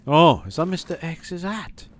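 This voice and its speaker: A man giving gameplay commentary as a let's play host; he is excitable and jokey and swears a lot. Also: a little high, a little slow, a little hiss or hum.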